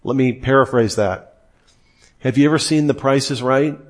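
A man's voice: medium pitch, normal speed. Man teaching with emphatic asides. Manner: conversational, acts out quoted voices. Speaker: Christian apologetics teacher. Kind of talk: lively teaching talk.

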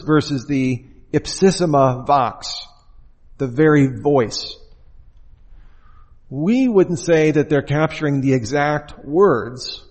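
A man's voice: mid-range voice, a little mellow, long reverb tail. A man giving an informal lecture as a Bible teacher, talking conversationally and putting rhetorical questions to his listeners.

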